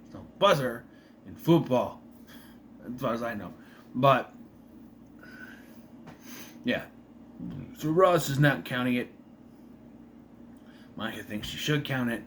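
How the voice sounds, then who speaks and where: A man's voice: medium pitch, lively intonation, slow pace, pauses often, a bit bright, a little hiss or hum. A man giving a casual, rambling recap of a sitcom episode, with many restarts. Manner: rambling, with restarts and rising exasperation. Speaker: vlogger reviewing a sitcom episode.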